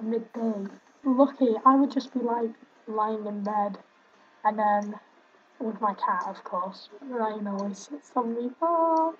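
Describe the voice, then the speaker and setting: A slightly high-voiced young woman plays a game on stream, giggling and chatting between lines of on-screen text she reads out, with fond asides. The audio is a bit muffled, as home streams often are, with a little hiss or hum.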